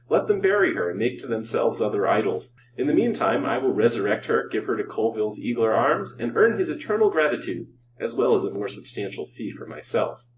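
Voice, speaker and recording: A man's voice: lowish voice, distant mic, a little hiss or hum, voice pushed up, low-quality recording. A man doing a cold, scheming doctor. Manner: calm, cold, sneering.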